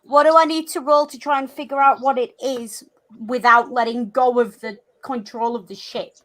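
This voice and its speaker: A woman's voice: a little high, fairly even intonation, normal speed, a bit bright. A woman playing a tabletop game, casual and upbeat. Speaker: player.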